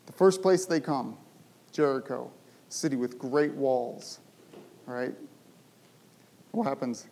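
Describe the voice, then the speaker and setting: A man's voice: medium pitch, slow, pauses often, dark tone. A man preaching a sermon, telling a story with emphasis and asking his listeners rhetorical questions.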